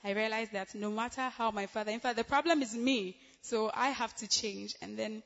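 A young woman from Ghana giving a giggly, excitable church testimony, laughing often between phrases. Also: a little high, moderate pace, in a large hall, muffled recording. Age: young adult.

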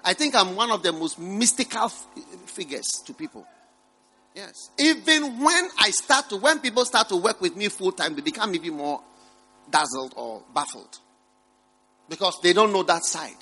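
A middle-aged man preaching a sermon, rising to loud emphatic peaks and dropping to low murmured asides. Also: sing-song, moderate pace, husky. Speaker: pastor.

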